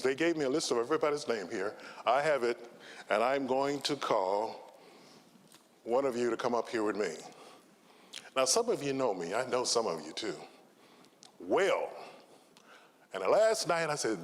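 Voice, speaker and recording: A man in his sixties, a trial lawyer giving a conference talk and telling stories with dramatic pauses. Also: medium pitch. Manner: slow, dramatic pauses, lively intonation. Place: large conference hall. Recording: long hall reverb.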